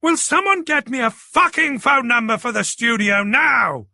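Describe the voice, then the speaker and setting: A man's voice: extremely high pitch, lively intonation, moderate pace, gravelly, bright, forceful tone, no room sound, clean studio sound, pitched above the performer's own voice, exaggerated voice. A man voicing a tough, commanding woman police commander who barks urgent orders. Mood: curt.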